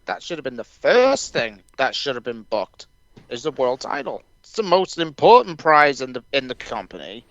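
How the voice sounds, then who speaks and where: A man's voice: mid-range voice, very animated, moderate pace, a bit bright, dry recording, muffled recording. A man co-hosting a casual wrestling podcast, making short, pointed points. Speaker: podcast co-host.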